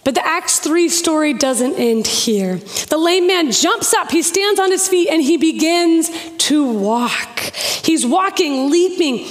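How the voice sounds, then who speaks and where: A woman pastor preaching a sermon, telling stories with slow emphatic pauses and quick lively bursts. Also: very high-pitched. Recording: long hall reverb.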